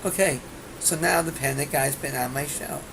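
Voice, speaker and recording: A woman's voice: extremely low pitch, moderate pace, creaky, heavy background noise. A woman hosting her own comedy talk show, rambling through a monologue with brash jokes and many restarts. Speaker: host and comedian.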